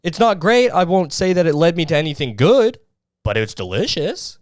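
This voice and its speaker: A man's voice: on the high side, very animated, moderate pace, no echo, studio quality. A young man hosting a solo podcast, ranting in an exasperated, profane way about other people's habits. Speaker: podcast host.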